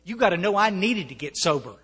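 An American man speaks earnestly to a recovery meeting, with a fairly high voice. He restarts his sentences often and slips in wry humor. His voice carries a long reverb from a meeting hall. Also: big pitch swings, quick pace, bright, forceful tone, slightly rough. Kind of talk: personal testimony to an audience.

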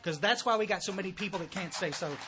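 A man's voice: high voice, fast, a loud crowd, heavy background noise. A man with a thick Texas accent giving a blunt, folksy, joking talk at a recovery meeting.

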